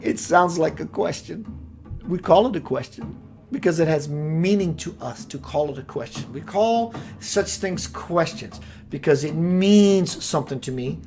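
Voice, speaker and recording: A man's voice: on the high side, measured pace, darkish tone, faint music behind. A man giving a meandering spiritual talk, musing aloud and searching for words as he goes. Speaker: spiritual teacher.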